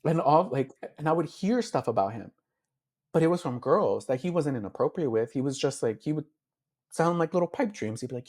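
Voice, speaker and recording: A man's voice: fairly high pitch, sing-song, brisk, darkish tone. A beauty influencer, a man, speaking as an interview guest, telling his story in a heartfelt way with many fillers and acting out his own past thoughts. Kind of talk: candid emotional interview.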